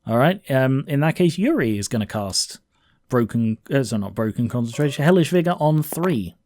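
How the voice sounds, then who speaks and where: A man's voice: mid-range voice, big pitch swings, moderate pace, darkish tone, a little hiss or hum. A man casually narrating his own tabletop wargame, thinking aloud with frequent fillers.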